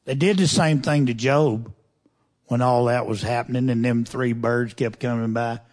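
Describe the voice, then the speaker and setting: A man's voice: medium pitch, normal speed, a little mellow. A man preaching a sermon, reading scripture aloud and breaking off to ask the congregation pointed questions in a folksy, conversational way. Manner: reads scripture then comments in a folksy, conversational way.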